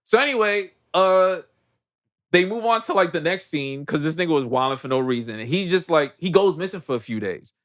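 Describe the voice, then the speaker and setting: A man co-hosting a podcast, recapping a movie in casual chat with heavy slang and lively storytelling. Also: fairly high pitch, a little fast. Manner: animated storyteller, heavy slang, acts out characters. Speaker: podcast co-host.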